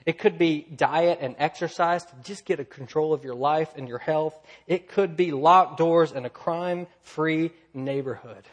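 A man preaching a sermon, swinging from loud, lively storytelling to quiet, low emphasis. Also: measured pace, hardly any pauses. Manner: earnest preaching, rising loud in stories, dropping soft and low. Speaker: pastor.

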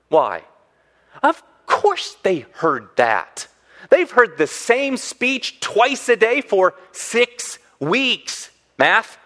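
A man preaching a sermon as a pastor, animated and acting out the voices he quotes. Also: on the high side.

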